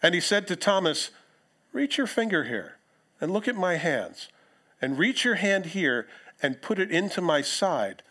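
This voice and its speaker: A man preaching a sermon in church, reading scripture aloud with lively emphasis and casual asides. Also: high-pitched, a little slow. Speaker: pastor.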